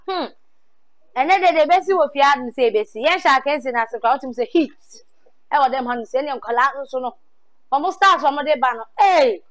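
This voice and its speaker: High-voiced Ghanaian woman interviewer. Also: fairly quick, soft background music. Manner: lively, repeats answers back, mixes in English. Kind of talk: on-the-spot talent show interview.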